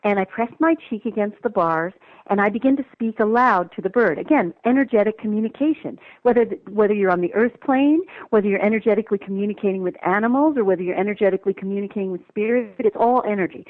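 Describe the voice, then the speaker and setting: A woman's voice: mid-range voice, no echo. Woman telling a story over a phone line. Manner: lively, emphatic storytelling. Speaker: guest author. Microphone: telephone.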